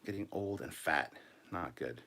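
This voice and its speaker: A man with a deep, low-pitched voice talks through a casual livestream show-and-tell in a room at home. He rambles in a relaxed way and jokes at his own expense, over a faint hiss of background noise. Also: unhurried. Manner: relaxed, rambling, self-deprecating. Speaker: channel host. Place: upstairs room at home filled with collectibles.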